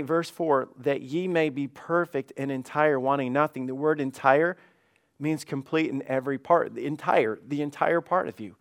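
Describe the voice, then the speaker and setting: A man's voice: mid-range voice, normal speed. A man, a pastor, preaching a fervent sermon with emphatic repetitions.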